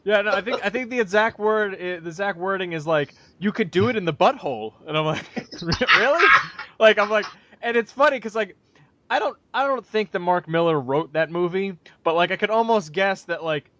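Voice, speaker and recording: A man's voice: sits high, fairly quick, a bit bright, lo-fi sound, a little hiss or hum. A man co-hosting a podcast in casual chat, rambling and profane, with frequent restarts and acted-out quotes. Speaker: podcast co-host. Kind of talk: casual chat, movie review.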